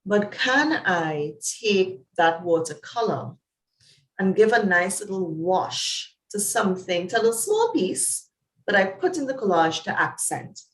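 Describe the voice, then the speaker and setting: A Trinidadian woman speaks as a psychologist guest in a conversational interview, her voice at a middle pitch. She tells stories with animation and laughter, her pitch leaping high and dropping low. The recording has a roomy echo. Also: unhurried. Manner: animated storyteller with laughs and wide pitch jumps.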